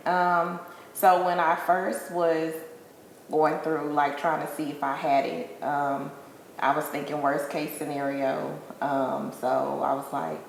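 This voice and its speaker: Very deep, slow, hesitant woman. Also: level tone, gravelly, a little hiss or hum. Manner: hesitant, many ums. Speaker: guest, breast cancer patient. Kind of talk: personal storytelling. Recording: very echoey room with long reverb.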